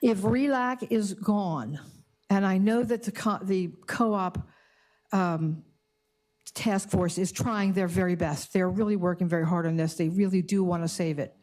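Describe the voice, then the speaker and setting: Older female resident at public comment, upset and halting. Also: medium pitch, a little mellow. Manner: emotional, indignant, halting with restarts. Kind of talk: public comment at a community board meeting.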